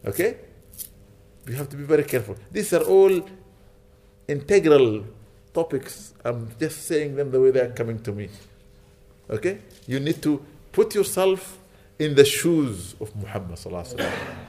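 A man delivers an earnest sermon inside a mosque, at an ordinary middle pitch. He drives his points home by repeating them and keeps checking in with the congregation. He slips easily into Arabic phrases and recitation. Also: darkish tone. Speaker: preacher.

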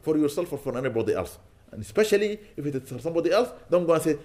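A man's voice: fairly high pitch, very animated, rapid-fire, warm tone. A man speaking as a sheikh, giving a storytelling sermon in which he quotes Arabic and then translates it. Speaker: sheikh giving an Islamic lecture.

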